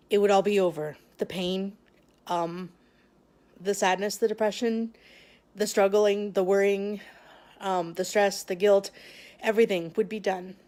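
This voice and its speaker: A woman vlogger sharing a personal story straight to camera. She talks in a halting way, with frequent restarts and long pauses, and sounds emotional and close to tears. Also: mid-range voice, a little mellow. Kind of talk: personal confessional talk to camera.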